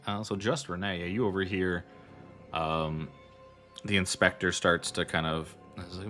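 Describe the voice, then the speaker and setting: Bright-voiced man running a tabletop game. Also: sits low, normal speed, soft background music. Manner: loose and rambling, full of fillers. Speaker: game master.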